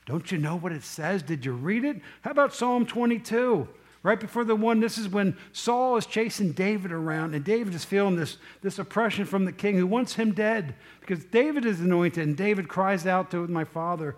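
A male preacher delivers a sermon in a fairly high voice. He reads scripture with rising force, then drops low for quiet asides. He keeps putting questions straight to his listeners. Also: a little fast. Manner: animated, swings between loud scripture reading and quiet asides; asks the congregation questions directly.

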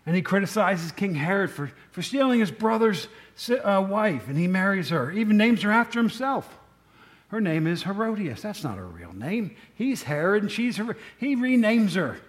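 A middle-aged man preaching a sermon as pastor, telling the story with lively asides and jokes. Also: high-pitched, normal speed.

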